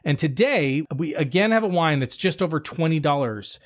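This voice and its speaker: A man's voice: a little high, animated, normal speed. A man co-hosting a podcast, chatting casually and explaining at length with a playful, joking manner, jet lagged. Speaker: podcast co-host. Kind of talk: casual chat.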